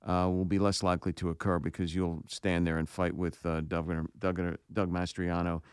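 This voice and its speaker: A male talk show host, speaking haltingly and repeating words as he chats. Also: low-pitched, level tone, smooth, dry recording, clean studio sound. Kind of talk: casual radio talk.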